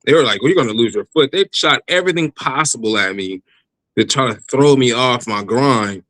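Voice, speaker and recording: A man telling his personal faith testimony in a casual interview, animated, laughing often and restarting his sentences. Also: medium pitch, a little fast, dry recording, rough recording. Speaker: guest giving testimony.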